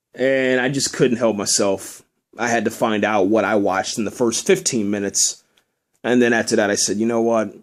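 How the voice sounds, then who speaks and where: A man hosting a solo podcast, giving an emphatic spoken movie review and repeating himself when he gets worked up. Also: medium pitch. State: emotional. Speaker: podcast host.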